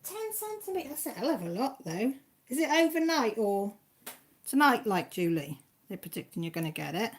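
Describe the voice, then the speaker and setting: A woman's voice: medium pitch, animated, moderate pace, a little hiss or hum. Chatty Welsh woman reading out live chat. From Wales. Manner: chatty and homely, with mild swearing and British slang. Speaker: live stream host. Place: at home.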